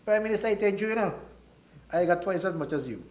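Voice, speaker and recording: A government minister from Saint Kitts and Nevis delivers a parliamentary budget speech in a Kittitian accent, his voice sitting high with lively intonation, a quick pace and a slightly mellow tone. He's folksy and teasing, joking with colleagues in a roomy, echoing chamber.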